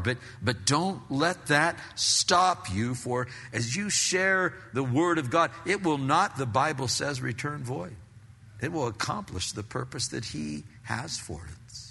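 A middle-aged male pastor preaching a sermon in a casual, animated way, repeating himself and often calling listeners "man". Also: mid-range voice, vocal fry, slightly rough, big-room sound.

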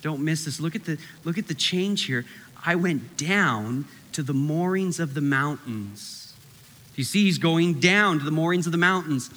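Man, pastor, animated sermon, fairly high voice, long hall reverb. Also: unhurried. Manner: animated preaching, acts out quoted voices.

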